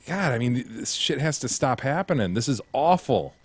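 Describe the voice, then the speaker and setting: A man's voice: medium pitch, very animated, normal speed, slightly rough, no room sound. A man co-hosting a podcast in casual chat, blunt and indignant and swearing freely. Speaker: podcast co-host.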